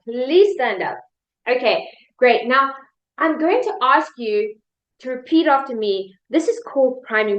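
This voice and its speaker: A woman's voice: high-pitched, dull audio. A woman life coach guiding a motivational workshop video, upbeat and leading repeat-after-me chants.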